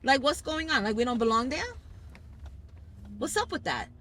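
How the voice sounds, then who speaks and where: A woman from Brooklyn with a high voice and a New York accent speaks at a moderate pace, hosting a casual family chat podcast in the car on the way to school. Her storytelling is animated and emphatic, with the people she quotes acted out.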